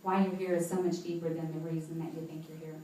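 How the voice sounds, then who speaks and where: A woman's voice: sits low, little pitch movement, quick pace, dark tone, distant mic, a little hiss or hum. Woman telling stories in an echoey hall. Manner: personal storytelling, laughing often. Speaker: motivational speaker. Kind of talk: inspirational talk to a live audience. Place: event hall with seated audience.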